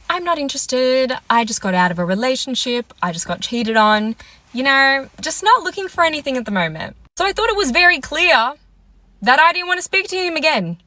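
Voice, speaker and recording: A woman's voice: sits high, animated, brisk, bright, forceful tone, no room sound. A young woman casually telling a story about a bad date, chatty and exasperated, acting out both sides of the conversation. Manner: chatty, exasperated retelling with quoted dialogue. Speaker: storytime vlogger.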